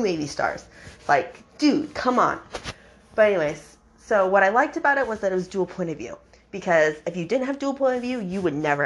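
A young woman with a slightly low voice chats through a book's plot. She sounds fed up and lively, and she keeps slipping into mocking impressions of the characters. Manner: animated, exasperated, mock-quoting characters. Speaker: podcast host reviewing a book. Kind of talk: casual book recap.

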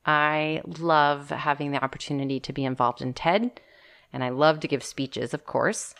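A woman with a notably low voice, clear and smooth, chatting casually as a podcast co-host. She talks in a lively, playful way and laughs readily at a close microphone. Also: normal speed.

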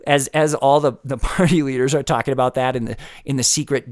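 A male podcast host thinking out loud in a loose, meandering monologue, circling back with restarts and "like" and slipping in wry chuckles. His voice sits in an ordinary middle pitch. The sound is dry and close, with no room echo. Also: steady tone, fast. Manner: rambling, frequent restarts and "like"; wry, laughing asides. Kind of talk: casual solo commentary.

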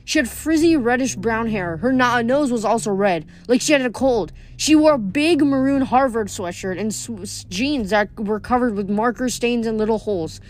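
A woman's voice: on the high side, expressive, moderate pace, hardly any pauses. A woman reading a novel aloud in first person, often tripping over words and correcting herself. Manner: first-person narration with frequent stumbles and self-corrections. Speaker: audiobook reader.

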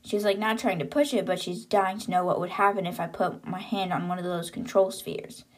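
A woman's voice: fairly low pitch, steady tone, brisk. Chatty woman recapping a book. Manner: chatty, laughing, sarcastic asides. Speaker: podcast host.

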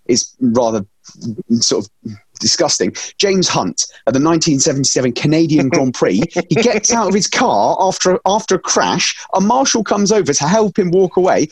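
A man on a motorsport chat podcast tells stories with real gusto, his pitch swinging high for the punchlines. He keeps it jokey and now and then drops into comic voices. The sound is dry and close to the mic. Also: husky, no echo. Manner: animated storyteller, jokey put-on voices. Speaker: podcast panelist. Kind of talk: casual chat.

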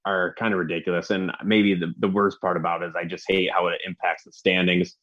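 Low-voiced laid-back man, dull lo-fi sound. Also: level tone, fairly quick, a bit bright. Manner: easygoing, chuckling, laid-back analysis. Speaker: sports podcast co-host. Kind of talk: casual sports talk.

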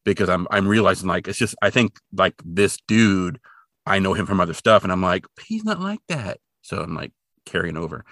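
A man's voice: sits low, fairly even intonation, fairly quick, creaky, a bit bright, dry recording, clean studio sound. A man co-hosting a podcast, recapping an episode in casual, rambling chat and briefly putting on voices for the characters. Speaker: podcast co-host.

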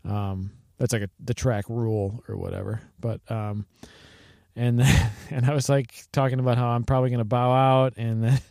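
A man's voice: mid-range voice, flat delivery, normal speed, creaky, darkish tone, dry recording, studio quality. A man co-hosting a podcast in casual chat, rambling through stories with many fillers and restarts and laughing often. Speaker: podcast co-host.

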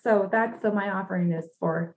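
A chatty woman co-hosts a podcast in loose, casual conversation. Her voice is mid-pitched, and her delivery is sassy, with frequent laughs. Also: moderate pace, a little mellow, a little hiss or hum. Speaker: podcast co-host. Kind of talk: casual chat.

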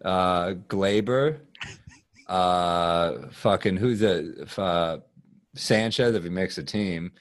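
A man with a raspy, fairly low voice talks as a guest on a comedy podcast. He swaps fast banter and sports talk in a loose, casual way.

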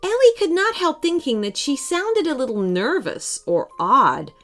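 A woman reading a children's story aloud in an expressive, animated way. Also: high-pitched, a little slow, soft background music.

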